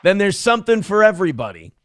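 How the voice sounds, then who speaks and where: A young man hosting a live show, reading donation messages and ranting with heavy swearing in fast, heated bursts. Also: sits high, big pitch swings, heavy background noise. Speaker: livestream show host. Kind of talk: profane political rant and chat reading.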